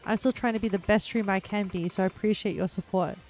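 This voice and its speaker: A young woman streaming a game, her talk loose and giggly as she answers her chat between plays. Her pitch sits in an everyday middle range, and faint game music plays under her voice. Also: steady tone, fast talker, darkish tone. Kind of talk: casual let's-play commentary.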